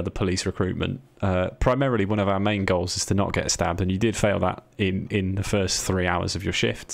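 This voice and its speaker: Gravelly low-voiced man streaming. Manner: joking, sweary, rambling asides to chat. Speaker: streamer playing a police recruit. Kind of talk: casual streaming commentary.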